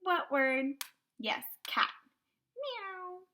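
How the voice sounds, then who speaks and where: Woman kindergarten teacher, bright tone, very slow deliberate phonics prompts, cheerful and clear. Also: fairly high pitch, expressive, a little hiss or hum. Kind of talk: online phonics lesson.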